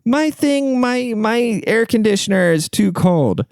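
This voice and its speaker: A woman's voice: animated, a little mellow, no echo, clean studio sound. A man putting on a fretful, confused old British lady. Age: older. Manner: high, slow, fretful pleading. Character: confused elderly woman with dementia, complaining of cold.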